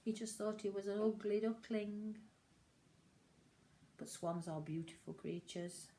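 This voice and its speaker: A woman reading a picture book aloud to children in an animated, sing-song storytelling way. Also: medium pitch, unhurried, a little hiss or hum.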